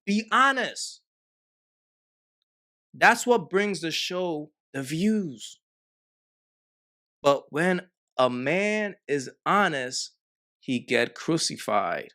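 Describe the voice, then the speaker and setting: A man hosts a reaction video and talks to his viewers in a slow, drawn-out way. His pitch leaps high and drops low as he makes his points. His delivery is emphatic and full of slang. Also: expressive, a bit bright. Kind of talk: casual reaction commentary.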